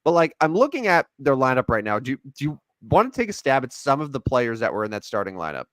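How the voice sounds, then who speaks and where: Man, podcast co-host, rambling and jokey, very lively pitch, dry close sound. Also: fast, dry recording. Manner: rambling, jokey, animated sign-off. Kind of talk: casual sports podcast chat.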